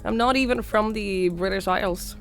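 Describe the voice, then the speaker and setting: Hoarse Norwegian woman streamer chatting. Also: medium pitch, moderate pace, faint music behind. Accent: slight Norwegian. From Norway. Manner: chatty, thanks viewers by name, coughs now and then. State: hoarse, sick with a sore throat. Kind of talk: casual live-stream chat.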